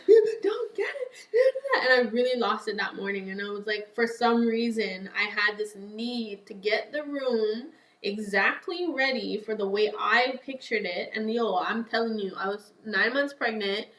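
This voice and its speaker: A woman telling a personal story as a podcast guest in a chatty, animated way, acting out her own past lines. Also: mid-range voice, normal speed, few pauses, echoey room, low-quality recording. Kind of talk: casual storytelling.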